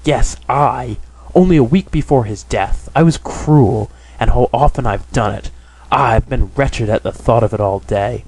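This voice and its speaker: A man's voice: medium pitch, measured pace, darkish tone, slightly rough, low-quality recording. A man voicing a timid young woman in an audiobook, lifting his voice a little and speaking in a plaintive, pleading way. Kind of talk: audiobook character reading.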